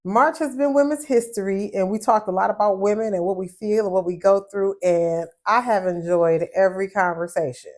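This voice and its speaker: A woman co-hosting a podcast in casual chat, animated and often repeating words as she starts a thought. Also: medium pitch, fairly quick, hardly any pauses. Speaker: podcast co-host.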